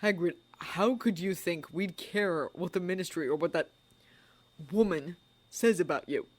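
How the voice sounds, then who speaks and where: A woman's voice: lowish voice, a little slow. A woman voicing an earnest teenage schoolboy wizard who speaks a bit sheepishly.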